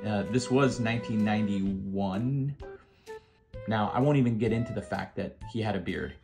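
A man in his fifties with a fairly low voice spins a relaxed, conversational yarn from his service days. He tosses in dry asides straight to the listener, and soft guitar plays faintly behind him. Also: normal speed. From United States. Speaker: former Marine telling stories. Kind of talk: casual anecdotal storytelling.

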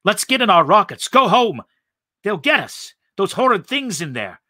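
A panicky Martian soldier who trembles, whispers and breaks into frightened cries, as a man acts him out. The tone is bright and the sound is dry and close. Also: medium pitch, sing-song, a little slow, no echo, full character voice. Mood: panicked.

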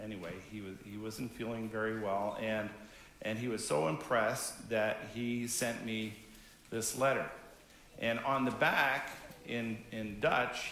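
A man in his fifties, a pastor from Canada, giving a gentle, conversational children's message during a church service. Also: lowish voice, roomy sound, a little hiss or hum. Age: 50s. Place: church sanctuary.

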